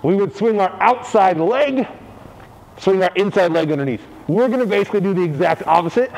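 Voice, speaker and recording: A man's voice: high voice, animated, fairly quick, a little mellow, rough recording. A man coaching a parkour tutorial in a playful way, with joking asides. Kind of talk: tutorial instruction.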